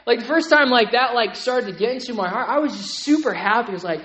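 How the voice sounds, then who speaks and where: A male pastor preaching with animated energy. He stumbles and repeats words as each point builds, and he keeps asking his listeners "right?" to bring them along. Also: very high-pitched, quick pace. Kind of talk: sermon.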